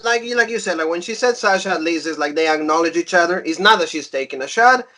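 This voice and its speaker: A man's voice: on the high side, animated, fast talker, bright, forceful tone. A man recapping a wrestling show in a casual podcast chat, mimicking the lines people said.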